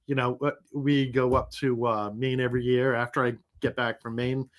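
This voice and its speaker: Middle-aged male stream host, recovering from illness, loose rambling chat, mid-pitched voice. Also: little pitch movement, moderate pace. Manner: rambling, chatty, laughs easily. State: sick, recovering. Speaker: livestream host. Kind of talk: casual livestream chat.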